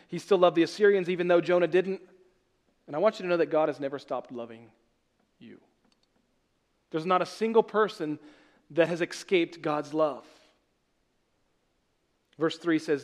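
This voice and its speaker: A man preaching a sermon as pastor, emphatic, asking rhetorical questions and swinging from loud to soft. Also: on the high side, normal speed, pauses often.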